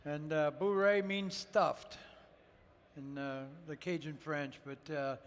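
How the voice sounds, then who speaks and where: A man's voice: fairly high pitch, slow, clear, resonant tone, long reverb tail. A man from Ohio, a guest chef, telling rambling, folksy stories with lots of fillers during a live cooking demo on a festival stage.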